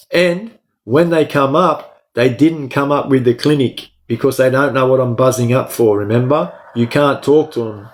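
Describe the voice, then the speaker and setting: A man with an Australian accent tells a story in a conversational interview. He talks bluntly, swears a lot, and keeps tagging his sentences with a quick "right?". His pitch sits in the middle range. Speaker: guest recounting his time in prison.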